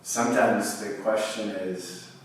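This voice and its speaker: A man teaching a guided yoga class, giving calm cues with long pauses between them. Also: on the low side, slight background noise. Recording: distant mic in a very echoey room.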